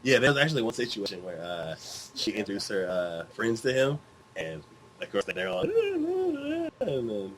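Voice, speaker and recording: A man's voice: lowish voice, brisk, vocal fry, slight background noise. A man co-hosting a casual chat, retelling scenes with acted-out lines and sound effects. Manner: animated storytelling, acts out scenes with sound effects. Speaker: co-host.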